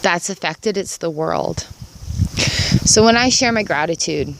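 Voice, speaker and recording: A woman's voice: on the low side, lively intonation, measured pace, slight background noise. A middle-aged woman talking earnestly and upbeat in a casual gratitude vlog, recorded outdoors in her yard. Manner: earnest, upbeat, repeats phrases for emphasis. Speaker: vlogger.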